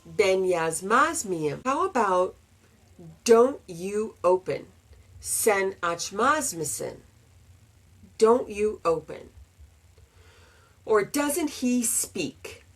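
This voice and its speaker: A woman explains grammar at an unhurried pace, stretching out her words. She sits at a middle pitch and says each example sentence more than once, the way a patient teacher does. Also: very animated. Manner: slow, deliberate, repeats example sentences. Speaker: English teacher.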